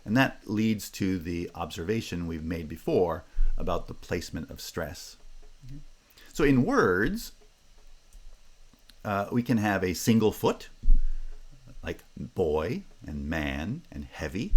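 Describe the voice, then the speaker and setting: A man giving a university phonetics lecture, pausing with fillers and restarts and checking in with the class with "right?" and "okay?". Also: deep voice, very animated.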